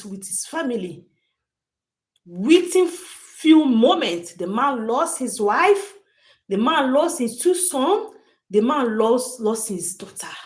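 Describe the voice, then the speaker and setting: A woman hosting a livestream, telling a story to her chat emphatically and repeating phrases often. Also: on the high side. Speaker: livestream host.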